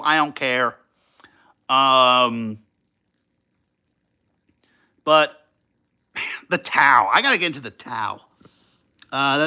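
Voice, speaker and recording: A young man hosting a livestream, chatting casually and rambling with lots of fillers and excited outbursts. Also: on the high side. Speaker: livestream host.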